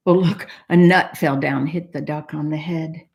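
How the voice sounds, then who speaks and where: A woman librarian reading a picture book aloud to young children, animated and explaining things simply. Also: low-pitched, unhurried, creaky. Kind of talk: children's storytime read-aloud.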